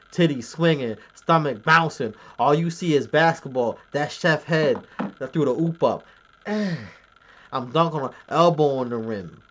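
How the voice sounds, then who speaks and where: A man's voice: a little high, a bit bright, lo-fi sound. A man on a live stream, reading his chat aloud and bragging in a crude, joking way.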